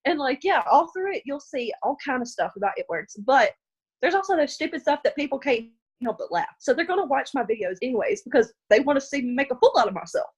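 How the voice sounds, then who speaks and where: A woman's voice: sits high, sing-song, quick pace, slightly rough. A young woman with a Southern American accent from Arkansas, sharing a personal testimony, tearful and laughing through her nerves. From Arkansas, USA. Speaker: team member sharing her story.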